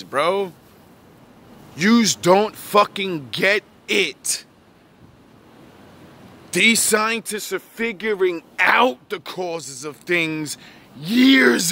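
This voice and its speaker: A man delivering a profane, preachy ranting monologue that lectures the listener, repeats catchphrases and bursts into shouting. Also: high voice. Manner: repeats catchphrases and "yous" address. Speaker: online preacher-style commentator.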